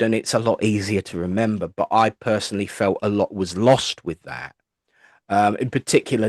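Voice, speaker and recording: Speaking on the low side, this English man is a spiritualist minister and medium guesting in an interview, where he tells chatty, meandering anecdotes with playful asides and performs the voices of the people he quotes. The recording is studio quality with no echo.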